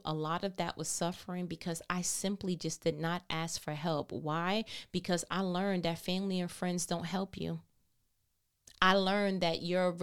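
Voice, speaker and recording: Earnest encouraging woman, smooth low voice. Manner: earnest and encouraging, with rhetorical questions. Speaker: host. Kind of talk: faith-based motivational talk.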